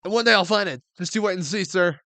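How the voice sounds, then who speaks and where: A man's voice: high voice, fast, pushed and bright, pitched above the performer's own voice. A man voicing an earnest, hapless young woman who used to be a police officer, reading her lines with dramatic earnestness from a story game. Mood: determined.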